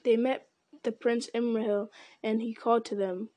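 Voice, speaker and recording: A woman reading an audiobook in a measured narrating voice, with occasional slips. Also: fairly high pitch, little pitch movement, dark tone.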